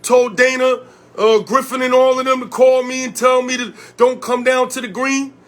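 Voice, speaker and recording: A man's voice: extremely high pitch, level tone, normal speed, a bit bright. A man from Connecticut who posts videos and organizes in his community, delivering a heated, profane rant straight to the camera and hammering his points home with repeated rhetorical questions.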